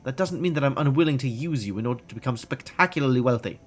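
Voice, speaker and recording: A haughty, melodramatic elf doctor fallen from grace, as a man reads him aloud from a game. He speaks smoothly and grandly, at a middle pitch. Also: expressive, fast, faint music behind, close to an everyday voice. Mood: blunt. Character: pompous disgraced male elf doctor. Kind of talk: reading game dialogue aloud.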